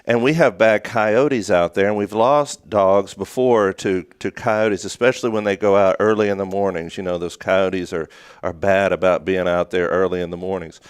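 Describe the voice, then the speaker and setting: A man's voice: low-pitched, fairly even intonation, moderate pace, smooth, dry recording, clean studio sound. A man co-hosting a local morning show, telling a long story in a rambling, casual way with many restarts. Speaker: co-host. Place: small studio.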